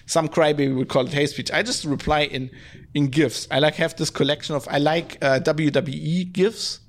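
A man's voice: on the high side, steady tone, moderate pace. A man chatting casually on a podcast, rambling and swearing, with lots of filler words. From Germany. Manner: rambling, profane, heavy use of "like". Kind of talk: casual chat.

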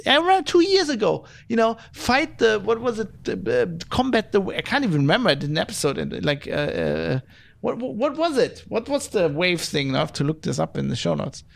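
A man's voice: sits high, sing-song, fairly quick, gravelly. A middle-aged man hosting a podcast, ranting in an exasperated, profane monologue. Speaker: podcast host.

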